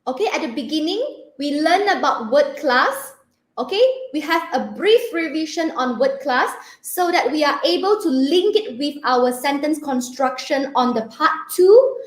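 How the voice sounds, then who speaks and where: Lively high-voiced Malaysian English teacher. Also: female voice, roomy sound. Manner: checks understanding often with "okay?"; slow, repeating key words for emphasis. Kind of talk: online English grammar lesson.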